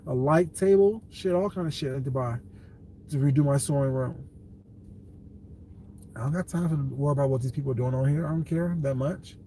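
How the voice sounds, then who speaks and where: Male streamer, fairly high voice, blunt and dismissive, faint background hum. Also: a little fast, long pauses, dark tone. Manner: blunt and dismissive, calls viewers baby; laughs often, talks back to chat. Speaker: livestream host reading viewer comments. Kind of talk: casual livestream chat.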